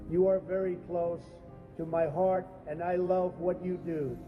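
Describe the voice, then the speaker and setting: A man doing an impression of a boastful older male president, speaking in a loud and emphatic way. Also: high voice, flat delivery, a little slow, phone-quality sound. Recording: faint music behind, from a played clip.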